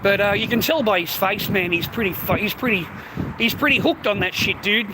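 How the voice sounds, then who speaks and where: A man's voice: high voice, brisk, noisy background. A man hosting a livestream in a crude, sweary ranting chat, mocking his viewers and laughing often. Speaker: livestream host.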